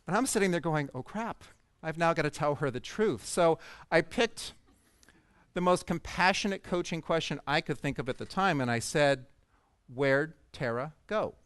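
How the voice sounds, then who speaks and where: Man, conference speaker, humorous storytelling, higher voice, smooth and resonant, dry sound. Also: lively intonation, moderate pace, fairly bright tone, no room sound. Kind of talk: storytelling keynote talk to coaches. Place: event stage before an audience.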